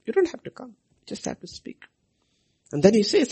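A man preaching a sermon, repeating key phrases and swinging his voice from soft lows to loud highs for emphasis. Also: wildly swooping pitch, brisk, vocal fry, breathy edge.

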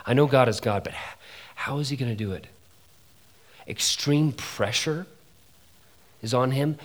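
Animated man preaching, lowish voice. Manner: animated, chatty preaching with asides and laughs. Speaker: pastor. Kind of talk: sermon. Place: conference hall.

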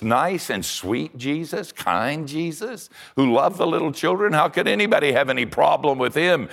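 A man preaching a sermon, telling stories in an animated way, dropping to a hush and rising to a shout. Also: mid-range voice, creaky. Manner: animated storyteller, swinging from hushed to shouting.

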